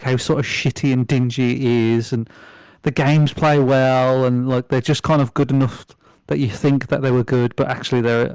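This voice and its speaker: A man's voice: mid-range voice, a little mellow, no room sound. A man chatting casually as a podcast guest, rambling with lots of fillers, restarts and swearing. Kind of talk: casual chat.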